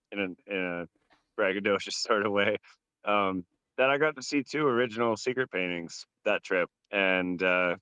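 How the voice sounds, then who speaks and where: A man's voice: on the low side, pushed and bright, clear, resonant tone, no echo. A man joining a casual livestream chat, hesitant and full of fillers, laughing as he talks.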